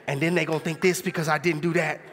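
A young adult man preaching a sermon in an animated, conversational way, throwing rhetorical questions at the congregation. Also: fairly high pitch, quick pace, a faint crowd.

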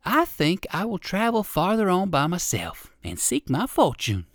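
A storybook narrator voicing a kind, polite old gentleman rabbit who speaks gently and without hurry. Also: mid-range voice, wildly swooping pitch, a little slow, dry recording, studio quality, voice pushed up.

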